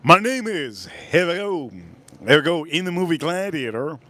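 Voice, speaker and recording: Guy on a livestream ranting, kinda high voice, blunt and sweary, dry close sound. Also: lively intonation, moderate pace, fairly bright tone, no room sound. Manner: blunt, rambling, swears freely. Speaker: livestream host. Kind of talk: casual livestream rant.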